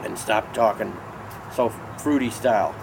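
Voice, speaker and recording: A man's voice: fairly low pitch, a little slow, creaky, background noise. A man bragging and scolding in dry, exasperated comedic banter. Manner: boastful, exasperated, deadpan. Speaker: show regular talking with puppets.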